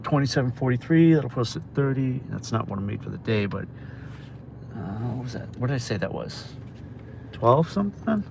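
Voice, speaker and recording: Man, from New York, chatty livestream driver, mid pitch, inside a car, clear road noise. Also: expressive, moderate pace. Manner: chatty, talks to viewers while reading orders aloud. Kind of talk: casual livestream chat while driving. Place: inside a car on city streets. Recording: phone mic with road noise. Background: car and traffic noise.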